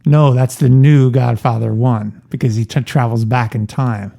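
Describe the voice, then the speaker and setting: Gravelly, jokey male podcast co-host. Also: medium pitch, steady tone, moderate pace, warm tone. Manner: jokey, laughs often. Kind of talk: casual podcast chat.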